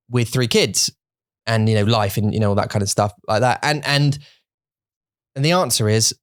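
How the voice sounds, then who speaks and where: A man's voice: fairly low pitch, clean tone, dry recording. Guy rambling on his podcast, lots of restarts, mixes in mandarin bits, dry close mic. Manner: joking, self-deprecating. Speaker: podcast co-host. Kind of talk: casual chat.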